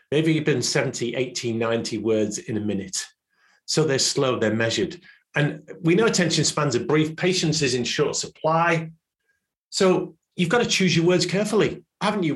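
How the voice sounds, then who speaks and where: A middle-aged man hosts a podcast, talking straight to his listeners in a solo advice segment. His pitch sits in an ordinary middle range, and he stacks his points one after another in emphatic lists. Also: fairly bright tone. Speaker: podcast host.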